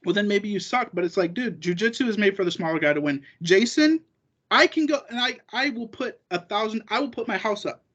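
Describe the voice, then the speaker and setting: Guest spot: man with a high voice, rambling and cursing freely, dull muffled recording. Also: lively intonation, fairly quick, fairly bright tone. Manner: rambling and profane, acting out quoted remarks. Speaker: guest, jiu-jitsu competitor. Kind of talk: casual podcast chat.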